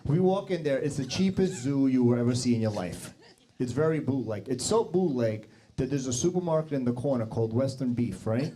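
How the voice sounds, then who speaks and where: A man in his forties doing stand-up in a comedy club, brash and profane, needling people in the crowd. His voice sits at an ordinary middle pitch, and he talks into a handheld stage mic. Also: lively intonation, fairly quick, mellow. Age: 40s.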